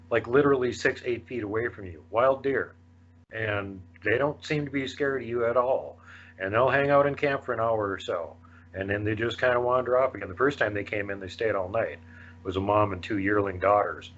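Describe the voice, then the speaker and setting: A male podcast host with a low voice that has a bright, forceful edge. He chats casually and relaxed, chuckling often. The audio is dull and lo-fi. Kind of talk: casual chat.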